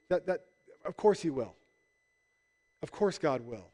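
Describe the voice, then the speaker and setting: A man's voice: sits high, very animated, normal speed, long pauses, in a large hall. A man preaching a casual sermon as pastor, conversational and joking, acting out voices in the stories he tells. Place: church hall.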